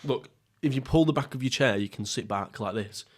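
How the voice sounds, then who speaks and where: The young host of a laid-back mukbang podcast talks fairly quickly in a medium-pitched voice while sitting at home. His talk is rambling and full of swearing, and he laughs at himself often.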